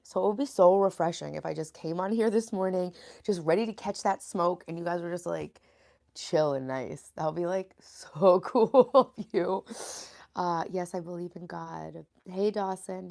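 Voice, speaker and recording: A freshly woken woman in her late thirties from New York talks casually to her live-stream viewers from her bedroom. Her voice is raspy and gravelly, sitting a little low, and she reads out and greets viewers from the chat. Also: moderate pace, darkish tone. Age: 30s. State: sleepy, just woke up.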